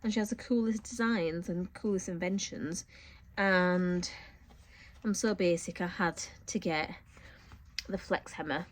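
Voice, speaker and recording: A woman's voice: fairly low pitch, unhurried. Chatty woman with a cold. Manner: chatty, animated storytelling. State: has a cold, coughing and short of breath. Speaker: sewing vlogger. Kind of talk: casual haul vlog.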